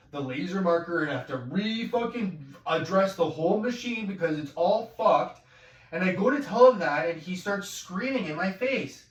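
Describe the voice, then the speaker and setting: A man venting in a profane rant, swearing constantly and rising to angry shouts. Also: a little high, muffled recording. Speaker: vlogger. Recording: echoey room, far from mic, noisy.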